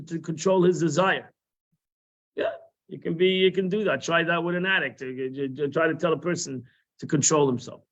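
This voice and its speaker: High-pitched male teacher, chatty and repetitive, muffled live-stream sound. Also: fairly bright tone. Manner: conversational, repeats phrases, sprinkles Hebrew and Yiddish terms. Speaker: Torah class teacher. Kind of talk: informal religious lesson.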